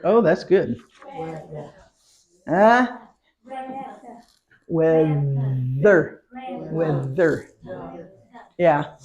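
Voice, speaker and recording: Woman, American accent, classroom teacher, mid-pitched voice, very slow repetition drills. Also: a little mellow. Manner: slow, patient, repeats words for learners.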